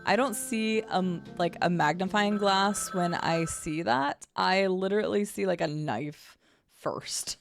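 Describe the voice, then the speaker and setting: A woman's voice: medium pitch, slow pace, gravelly, soft background music. A woman livestreamer chatting casually with her viewers while she sets up her stream and thinks aloud. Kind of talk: casual charity stream chat.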